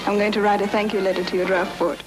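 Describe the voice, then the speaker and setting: A woman's voice: mid-range voice, level tone, fast, background noise, close to an everyday voice. A woman playing a teasing young film heroine. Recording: old film soundtrack with music behind.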